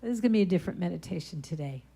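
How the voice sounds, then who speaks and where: With a lowish, gravelly, dark voice, a woman speaks expressively and in rapid-fire fashion. She is a guest speaker and singer delivering a storytelling sermon in a church sanctuary, chatting conversationally and singing short lines.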